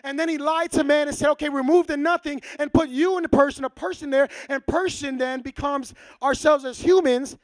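A man preaching a sermon to his church, casual and lively, acting out short dialogues. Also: very high-pitched, brisk, few pauses, dry recording. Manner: casual, acts out little dialogues. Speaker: pastor.

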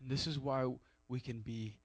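A man preaching a sermon, animated with joking asides and loud emphatic peaks. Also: mid-range voice, normal speed, no echo. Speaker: pastor.

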